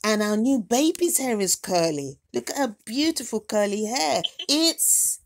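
A woman hosting a doll unboxing vlog at home, talking to her dolls in a gentle, motherly baby-talk voice. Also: a little high, expressive, measured pace, few pauses. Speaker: doll collector and channel host.

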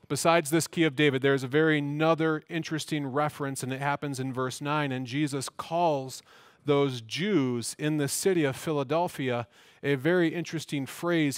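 A man's voice: fairly high pitch, fairly even intonation, moderate pace, no room sound, clean studio sound. A man preaching a sermon as pastor of a church, earnest, with emphatic repeats and questions.

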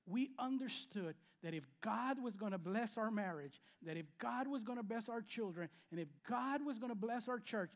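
A pastor in his fifties preaches with a high voice for a man. He swings between loud, emphatic lines and quiet asides, and he repeats key phrases as he goes. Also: animated, normal speed, few pauses. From Spanish-speaking background. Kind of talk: sermon. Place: church sanctuary.

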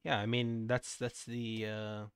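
A young man in a casual gaming stream, joking and teasing his co-host. His voice sits at an ordinary pitch for a man, picked up on a close, dry desk mic. He keeps a light, bantering tone. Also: level tone, measured pace, smooth, dry recording. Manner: playful, teasing, jokey.

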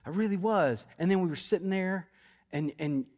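A middle-aged man preaching a sermon as senior pastor, talking conversationally with stories, asides and quick restarts. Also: sits high, darkish tone. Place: church auditorium.

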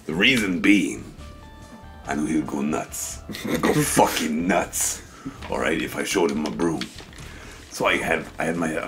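A man's voice: a bass voice, creaky, fairly bright tone. A man co-hosting a let's play, rambling through absurd swearing tall tales and laughing. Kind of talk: comedic storytelling while gaming.

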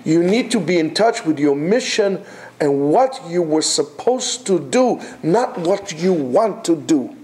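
A man's voice: on the high side, lively intonation, unhurried, darkish tone. A man teaching a Torah class in a classroom, emphatic, repeating his phrases and asking rhetorical questions.

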